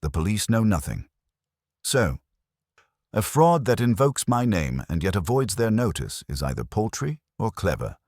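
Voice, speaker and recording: A man's voice: on the low side, big pitch swings, moderate pace, a little mellow, dry recording, studio quality, pitched above the performer's own voice. A man voicing a stout, imperious male genius detective who speaks in curt, commanding, dismissive sentences.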